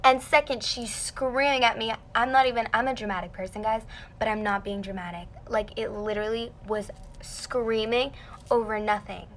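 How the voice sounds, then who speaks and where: A woman's voice: fairly high pitch, normal speed, a little hiss or hum. A young woman telling a dramatic story to fans in a casual livestream, talking animatedly and saying "like" a lot. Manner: dramatic, animated, heavy use of "like". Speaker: singer answering fans on a livestream.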